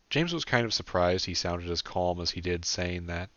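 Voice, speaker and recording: A man's voice: deep voice, expressive, normal speed, hardly any pauses, fairly bright tone, no echo. A man, the author himself, reading his own audiobook in a plain, understated way. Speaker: author and narrator. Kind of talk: audiobook narration. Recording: dull dry lo-fi recording.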